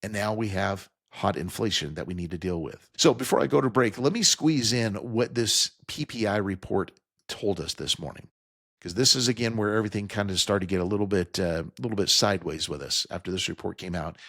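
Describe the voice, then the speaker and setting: A man's voice: fairly low pitch, brisk, fairly bright tone, no room sound, studio quality. A man hosting a financial talk radio show, stressing key figures and explaining the numbers plainly to his listeners. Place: radio studio.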